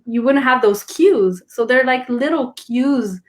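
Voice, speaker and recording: A woman's voice: fairly high pitch, lively intonation, a little slow. A woman, a guest in a casual conversation, explaining earnestly with many restarts.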